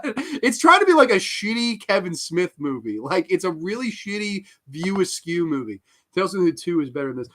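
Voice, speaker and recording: A man's voice: a little high, lively intonation, a little fast, fairly bright tone. A man hosting a live horror review show, ranting with profanity and exasperation, full of fillers and restarts. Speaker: host. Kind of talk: live-stream review rant.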